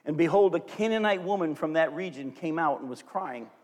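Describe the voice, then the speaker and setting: High-voiced male preacher in a reverberant hall. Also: fairly quick. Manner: animated, acts out scripture quotes for the congregation. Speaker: pastor. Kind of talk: sermon.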